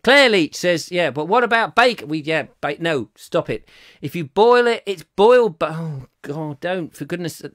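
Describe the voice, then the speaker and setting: A man's voice: fairly high pitch, animated, moderate pace, dry recording, studio quality. Rambling, jokey man host. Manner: jokey, rambling, swings between loud and mumbled asides. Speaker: comic chat show host. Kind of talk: rambling live-stream chat reading comments.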